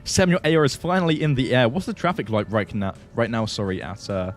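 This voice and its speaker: A man's voice: medium pitch, sing-song, fast talker, soft background music. A man hosting a flight simulator livestream, chatting casually, answering viewers and laughing often.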